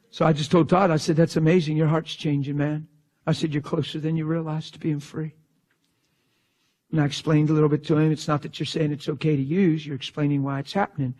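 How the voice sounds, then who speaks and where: A male preacher delivers a fervent sermon in a husky, slightly high voice. He shifts between loud exclamations and hushed, breathy whispers.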